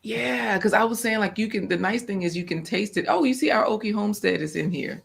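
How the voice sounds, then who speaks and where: A woman's voice: mid-range voice, brisk, gravelly. Chatty woman hosting a garden live chat. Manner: chatty and informal, laughs often. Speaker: co-host of a homestead live chat. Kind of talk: casual live-stream chat. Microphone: off-camera, voice only.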